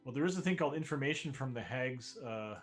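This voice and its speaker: A man in a mid-range voice guides players through a tabletop adventure as game master. He narrates scenes in an unhurried, descriptive way. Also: medium pitch, expressive, soft background music. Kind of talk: running an online tabletop game.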